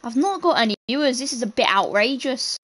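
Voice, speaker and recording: A young British woman streaming a team game and chatting with her teammates, with sudden shouts and playful swearing. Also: high voice, expressive, brisk. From Britain. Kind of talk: live gameplay chat.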